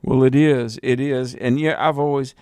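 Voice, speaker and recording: A man's voice: medium pitch, steady tone, a little mellow, clear, resonant tone, no room sound. Earnest man exhorting on radio. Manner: earnest, exhorting, slows for emphasis. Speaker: radio Bible teacher co-host. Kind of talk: radio Bible teaching.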